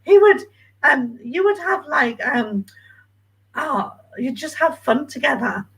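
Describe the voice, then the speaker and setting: A woman working as a medium, giving a reading, emotional and hesitant with many pauses and ums. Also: high voice, very animated, a bit bright, low-quality recording.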